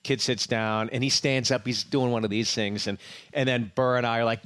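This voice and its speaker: A comedian from Pittsburgh in his forties, telling lively sports stories in a casual chat. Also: mid-range voice, fast, no echo, clean studio sound. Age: 40s. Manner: lively anecdotes, acts out crowd chants. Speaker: comedian guest.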